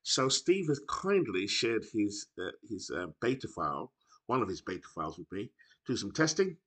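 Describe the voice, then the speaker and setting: A British man with a somewhat low voice talks casually to his audience. He rambles and keeps correcting himself mid-sentence. The sound comes through a laptop microphone. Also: big pitch swings, moderate pace, a bit bright. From United Kingdom. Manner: rambling, self-correcting, chatty. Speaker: video game streamer. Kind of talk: casual chat to camera.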